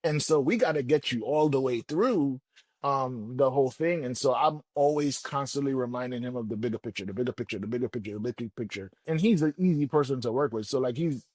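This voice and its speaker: A man speaks as a guest book coach in a podcast interview. He talks in a loose, colloquial way and animates his stories by acting out what people say. His voice sits at a middling pitch and sounds dry and close. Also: a little fast, no room sound. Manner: colloquial, animated storyteller who acts out quotes. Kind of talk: casual interview talk.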